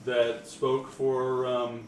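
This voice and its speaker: A man's voice: medium pitch, completely flat delivery, extremely slow, slight background noise. A man narrating as game master of a tabletop game, with many hesitant fillers. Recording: echoey room, heard from a distance, music behind.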